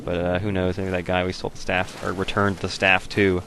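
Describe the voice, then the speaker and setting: A young man giving laid-back, rambling commentary as he plays a video game, now and then breaking into loud joking voices. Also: low voice, completely flat delivery, a little fast, vocal fry, slight background noise. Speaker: let's play host. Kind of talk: casual gameplay commentary.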